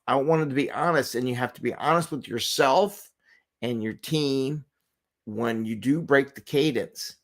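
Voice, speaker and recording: A man's voice: medium pitch, fairly bright tone. Earnest rambling man hosting a live show. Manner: earnest, rambling, repeats himself, laughs between thoughts. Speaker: agile coach and show host. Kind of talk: casual live-stream talk. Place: home, with a cat nearby.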